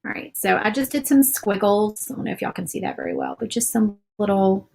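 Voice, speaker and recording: A woman's voice: mid-range voice, fairly quick, gravelly, a little mellow. A woman hosting a casual live craft demo, chatting and reading viewer comments while she paints. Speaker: craft video host.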